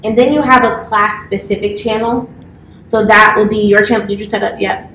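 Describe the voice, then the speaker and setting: A woman's voice: mid-range voice, fairly even intonation, normal speed, a bit bright. A woman in her thirties talks a new class through an orientation, her delivery loose and chatty with plenty of filler words. The sound is roomy and echoey, picked up by a mic some distance away, with a faint hiss underneath. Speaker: campus manager. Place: office classroom.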